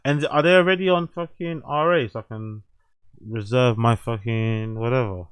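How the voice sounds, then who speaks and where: A young adult man hosting a show, reading news aloud and reacting with excited, swearing asides. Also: mid-range voice, normal speed, clear, resonant tone, dry recording. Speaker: host.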